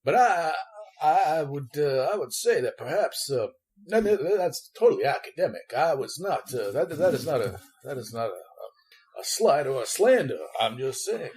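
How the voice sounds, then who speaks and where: A man playing a wordy, evasive Southern gentleman lawyer, flowery and polite, halting with many restarts. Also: a little high, very animated. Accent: American Southern. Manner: florid, overly polite.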